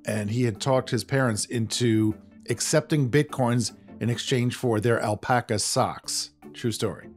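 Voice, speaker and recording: Male podcast host, relaxed and conversational, pokes fun at himself, studio mic, light music underneath. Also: mid-range voice, measured pace, few pauses. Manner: self-deprecating, chatty, explanatory.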